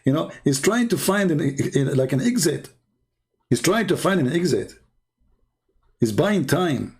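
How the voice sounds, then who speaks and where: A man's voice: on the high side, big pitch swings, unhurried, breathy edge. A man hosting a live call-in debate, questioning a caller and mocking him to his audience. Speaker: debate host.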